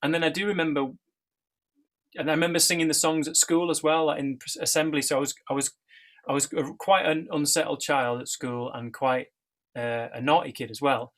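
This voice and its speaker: A man's voice: medium pitch, a bit bright. A middle-aged man, sharing his life story casually, rambling with many fillers and restarts. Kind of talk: casual personal testimony.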